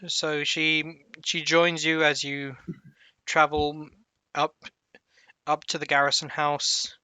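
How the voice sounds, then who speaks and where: Unhurried man narrating as game master. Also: on the high side, completely flat delivery, sharp tone, smooth, dry recording. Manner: unhurried, halting descriptive narration.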